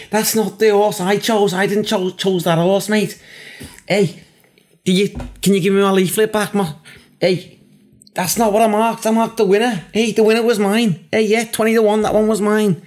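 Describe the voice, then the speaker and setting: A high-pitched outraged Scouser. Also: male voice, a little mellow. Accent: Liverpool. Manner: indignant, protesting, swearing. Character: angry Liverpool man who lost at the bookies.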